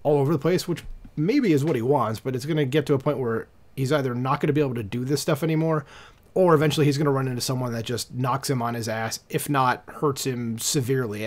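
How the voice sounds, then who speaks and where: A man's voice: medium pitch, quick pace. A man hosting a commentary channel, reading an article aloud and breaking in with casual, irritated asides full of fillers. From United States.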